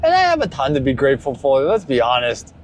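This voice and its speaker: A vlogger in his thirties talks quickly from behind the wheel, his pitch swinging hugely as he rambles candidly. He mimics people in high, exaggerated quotes, and the car recording carries faint road noise.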